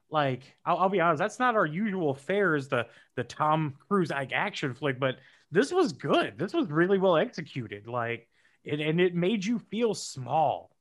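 A man in casual podcast chat, telling an animated story with laughs in between. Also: a little high.

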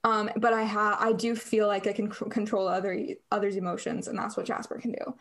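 A woman's voice: mid-range voice, fairly even intonation, fairly quick, a bit bright. A young woman co-hosting a podcast, chatting casually and rambling with lots of fillers and restarts. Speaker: podcast co-host.

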